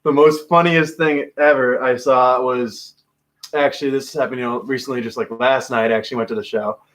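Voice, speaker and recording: A man's voice: medium pitch, fairly even intonation, a little fast, fairly bright tone. Rambling man telling stories, swearing. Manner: rambling storyteller, frequent swearing and fillers. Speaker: podcast co-host. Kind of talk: casual chat.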